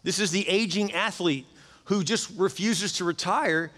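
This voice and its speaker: Earnest pastor in a reverberant church. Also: male voice, sits high, a little slow, fairly bright tone. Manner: earnest, urging the congregation to act. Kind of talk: sermon. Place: large church auditorium. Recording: hall reverb in a big church.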